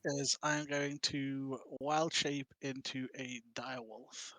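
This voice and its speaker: Male player, bright tone, dry close mic, rules-checking manner. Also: mid-range voice, level tone, slow, no echo. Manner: questioning, reads out rules. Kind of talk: casual tabletop play.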